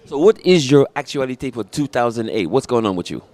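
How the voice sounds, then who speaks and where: Fast-talking interviewer man. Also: medium pitch, expressive, a little mellow. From New Jersey. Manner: hype, slangy, chatty. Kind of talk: casual interview.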